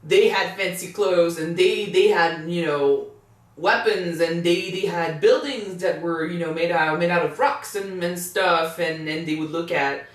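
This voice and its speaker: A man's voice: fairly high pitch, a little slow. Rambling, swearing man in an echoey room. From Canada. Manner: excitable, swears freely, rambling with many restarts. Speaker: anime reaction co-host. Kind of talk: casual chat reacting to an anime. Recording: echoey room, mic far off.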